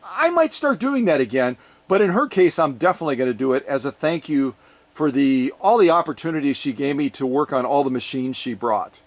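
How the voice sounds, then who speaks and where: A man hosts his own vlog in a chatty, playful way, talking straight to the camera. His voice sits a little on the high side. He drifts into jokey asides as he shows things off. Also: lively intonation, fairly quick. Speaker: sewing machine restorer and channel host. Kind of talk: casual vlog chat to viewers.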